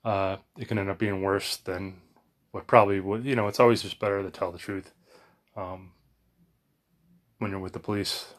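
An American man rambling in a casual monologue at home, sweaty from exercise, full of fillers and restarts. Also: lowish voice. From United States. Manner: chatty, meandering, frequent fillers and restarts. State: sweaty and warmed up after exercise. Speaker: vlogger. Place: home bedroom.

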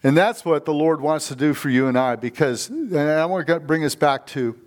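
A man's voice: a little high, normal speed. A middle-aged man preaching a sermon as a guest speaker in a church. He tells stories with energy and keeps calling out for amens from the congregation. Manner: fired-up, storytelling, calls for amens. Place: church sanctuary.

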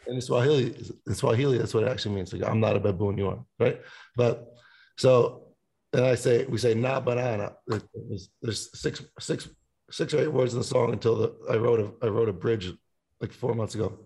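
Casting: gravelly-voiced male musician, rambly and profane, podcast guest. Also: mid-range voice, normal speed, warm tone. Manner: rambling, swears a lot, sings snippets. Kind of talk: casual podcast chat.

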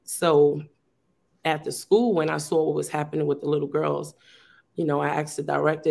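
A woman's voice: deep voice, fairly even intonation, brisk, vocal fry, a little mellow. A woman, a teacher, talking earnestly and at length over a video call, with lots of fillers and restarts. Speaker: teacher and youth program founder. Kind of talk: casual conversational sharing.

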